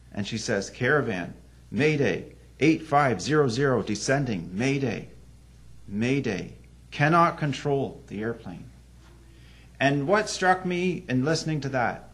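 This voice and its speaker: A man with a fairly high voice preaches an evening sermon, earnestly telling a story. He swings suddenly between loud emphasis and hushed drops.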